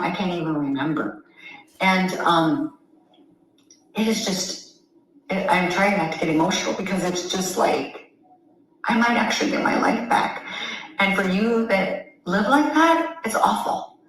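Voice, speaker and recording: A woman giving an emotional, earnest personal testimonial, halting often with ums. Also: on the low side, a bit bright. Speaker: customer sharing a testimonial. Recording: very echoey room, faint noise.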